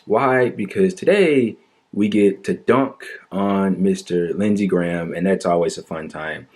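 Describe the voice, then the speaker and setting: Male commentator, low voice, sarcastic and animated, debunking a politician's claims. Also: measured pace. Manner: mocking, exaggerated fake sorrow and sighs; animated, argumentative, incredulous.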